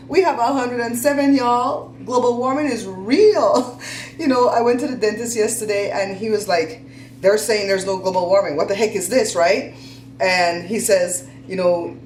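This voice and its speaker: A woman's voice: mid-range voice, darkish tone, a little hiss or hum. Chatty woman in an echoey room. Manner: chatty, laughing storyteller with folksy talk. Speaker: host. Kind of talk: casual chat.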